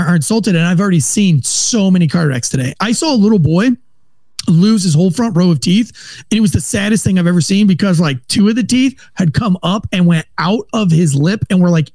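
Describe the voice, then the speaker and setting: A man in his thirties, a former police officer, telling a profane, animated story in casual podcast chat. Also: high-pitched, no room sound.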